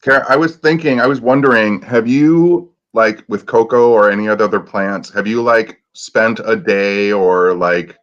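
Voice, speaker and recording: Co-host man, lowish voice, tentative and musing, muffled lo-fi sound. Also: normal speed, hardly any pauses. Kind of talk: casual chat, storytelling. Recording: dull lo-fi sound.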